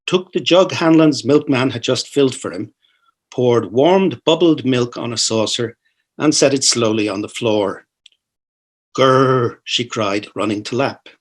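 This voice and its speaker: A man giving a literary reading of a novel, savoring each phrase with expressive delivery. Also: medium pitch. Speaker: reader.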